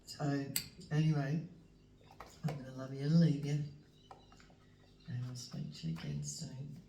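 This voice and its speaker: A woman, giving a spiritual tarot reading in a slow, emotional, halting way that sometimes drops to a whisper. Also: very deep voice, level tone, music in the background. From Western Australia. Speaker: tarot reader. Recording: roomy, distant mic, faint background noise.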